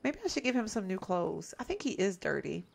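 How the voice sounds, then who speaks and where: A chatty woman narrates her life-sim gameplay in a very animated voice that swings up and down. She sounds exasperated and talks straight to her viewers. Her pitch sits in a middle range. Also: fairly quick, creaky, slight background noise. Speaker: gameplay commentator. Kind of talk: casual let's-play commentary.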